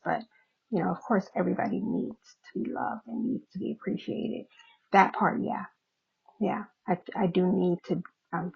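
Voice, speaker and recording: On a dull lo-fi recording, a middle-aged podcast host talks openly about how she feels, with frequent laughter and casual swearing. She has a lowish, gravelly, husky voice.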